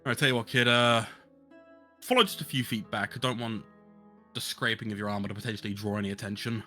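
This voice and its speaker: A man's voice: fairly low pitch, steady tone, fast talker, pushed and bright, faint music behind. A man playing a blunt, foul-mouthed adult male adventurer in a tabletop game. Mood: gruff. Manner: blunt and profane.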